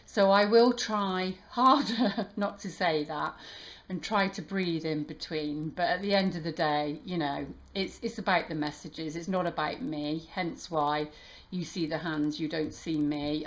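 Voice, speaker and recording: A woman tarot reader talking warmly to her viewers, halting and emotional, with many restarts. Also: low-pitched, fairly even intonation. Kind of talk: casual heartfelt channel talk.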